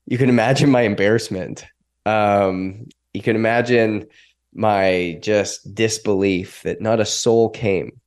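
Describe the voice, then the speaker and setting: A man's voice: on the low side, takes it slowly. Emotional man telling a story. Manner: emotional, animated storytelling with acted quotes. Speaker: podcast guest. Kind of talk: storytelling in an interview.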